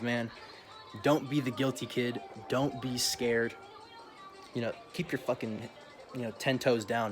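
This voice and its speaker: A young man vlogging a casual, profane rant full of slang, often laughing as he talks. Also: medium pitch.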